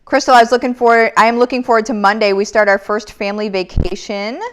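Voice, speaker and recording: A woman's voice: a little high, level tone, quick pace. A woman in her thirties hosting a casual live Q&A, reading out viewer comments in an upbeat, motivational way. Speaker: live Q&A host.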